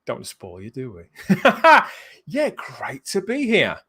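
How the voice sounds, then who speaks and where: A man's voice: medium pitch, wildly swooping pitch, normal speed, breathy edge. A man hosting a live fan show, chatty and jokey, laughing often as he greets viewers. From England. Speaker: livestream host. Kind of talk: casual live show chat.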